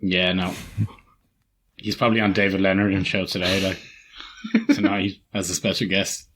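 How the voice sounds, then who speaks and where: A man's voice: sits low, level tone, moderate pace, fairly bright tone, a little hiss or hum. A man co-hosting a casual podcast, laid-back and rambling, ending lines with "like". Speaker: podcast co-host. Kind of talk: casual chat.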